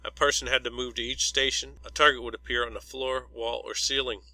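A man reading a story aloud as narrator, in an even, unhurried storytelling way. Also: medium pitch, no echo, low-quality recording. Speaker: audiobook narrator. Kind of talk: scripted narration.

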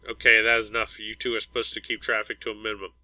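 A man's voice: lowish voice, monotone, fast talker, bright, forceful tone, no room sound, low-quality recording. A man reading as a blunt starship captain. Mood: commanding. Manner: firm, clipped orders. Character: grieving male starship captain, steady and blunt.

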